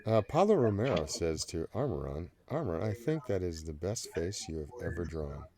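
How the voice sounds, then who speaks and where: A man's voice: low-pitched, big pitch swings, brisk, background noise. A man hosting a casual podcast chat, joking around and reading out viewer comments. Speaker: podcast host.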